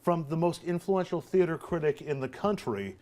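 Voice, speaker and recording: A man on a talk show panel, giving quick, opinionated and jokey takes. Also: a little high, expressive, darkish tone. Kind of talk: casual panel discussion.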